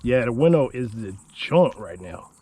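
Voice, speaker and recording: A man vlogging from a kayak outdoors, exclaiming and rambling with excitement, his voice going hoarse. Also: medium pitch, normal speed. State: losing his voice. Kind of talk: excited outdoor fishing vlog. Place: on a kayak outdoors on the water in wind. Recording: noisy outdoor recording with wind and water.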